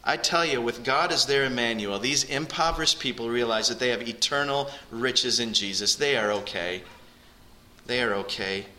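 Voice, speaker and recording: Bright-toned man preaching a sermon. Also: normal speed, rough recording. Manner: earnest, rises in pitch and volume for emphasis, addresses the congregation directly. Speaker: pastor. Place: church.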